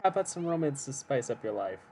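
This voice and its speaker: A man's voice: medium pitch, very animated, quick pace, mellow, husky. A man co-streaming a game, reading its text aloud and trading giggly, playful teasing with his partner. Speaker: let's play co-streamer. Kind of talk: casual gaming banter and reading game text.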